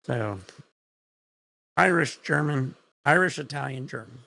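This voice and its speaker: A man's voice: mid-range voice, lively intonation, a little slow, vocal fry, sharp tone, dry recording. A man streaming from home, chatting casually in a rambling, laid-back way with plenty of swearing.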